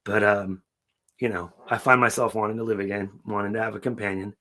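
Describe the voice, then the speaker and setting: A middle-aged man on a podcast, talking casually and emotionally, swearing often and acting out quotes loudly. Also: on the low side, fairly even intonation, brisk. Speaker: podcast co-host.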